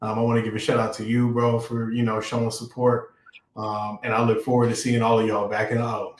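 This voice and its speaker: A man who raps, talking as an interview guest in a relaxed, casual way with many fillers. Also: mid-range voice, brisk, slight background noise. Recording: roomy, echoey sound.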